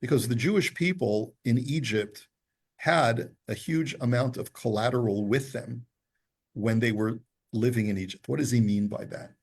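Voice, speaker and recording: A man's voice: medium pitch, normal speed, slightly rough. A man teaching a Torah class, reading Hebrew passages aloud and then patiently explaining them.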